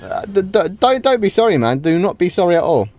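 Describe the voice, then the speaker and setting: Very animated and a little fast, this British streamer's voice sits high and sounds a little mellow. He casually reacts to the play in his own live game duels with frequent wows and restarted sentences, as faint game music plays behind.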